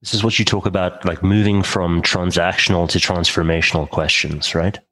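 A man's voice: low-pitched, fairly even intonation, moderate pace, a bit bright, poor audio. A man hosting an interview, asking the guest long, thoughtful questions. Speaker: podcast host.

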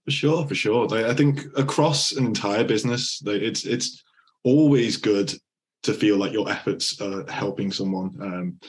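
A man's voice: on the low side, normal speed, a little hiss or hum. A man hosting an interview podcast, asking questions in a loose, chatty way with many fillers. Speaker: podcast host.

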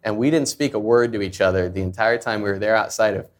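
A man's voice: fairly low pitch, quick pace. Earnest man telling a candid story. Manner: earnest, confessional, acts out quoted voices. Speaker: founder and CEO, guest.

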